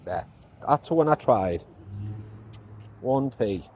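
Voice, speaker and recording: A man with a mellow, soft-edged voice talks casually into a handheld phone while out walking. He rambles, mutters to himself and jokes at his own expense, with faint noise around him. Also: medium pitch, animated, takes it slowly. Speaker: vlogger. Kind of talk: casual vlog talk to camera. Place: outdoors by mailboxes, walking around.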